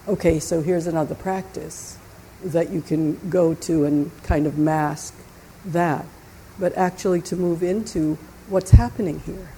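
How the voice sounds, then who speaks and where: Low, gravelly meditation teacher. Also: female voice, warm tone, slight background noise, rough recording. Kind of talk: dharma talk and inquiry.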